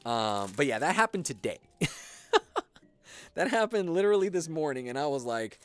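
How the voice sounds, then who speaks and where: Medium in pitch, sing-song, and fairly quick, an American streamer chatters casually mid-livestream while building. The storytelling rambles and curses, loaded with filler words.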